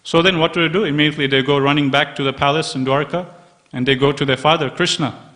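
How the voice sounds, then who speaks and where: A man's voice: a little high, fairly even intonation, quick pace, fairly bright tone. A man giving a temple scripture class, telling devotional stories with quoted dialogue and lots of repetition. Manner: storytelling, retells scenes with quoted dialogue and repetition.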